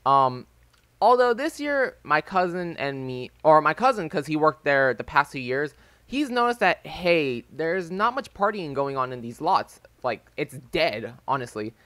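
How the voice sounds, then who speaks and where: Telling a casual story over his gameplay, this chatty early-20s gaming YouTuber rambles loosely and leans on "like" and "um." His fairly high voice is bright, dry and sing-song at a measured pace. He uses a desk microphone with a phone as backup, and the recording is dry.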